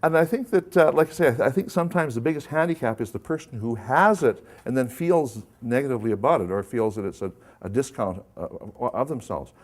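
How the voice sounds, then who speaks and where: A man's voice: mid-range voice, expressive, a little fast, hardly any pauses. A man presenting a live workshop to an audience, talking conversationally and putting questions to the room.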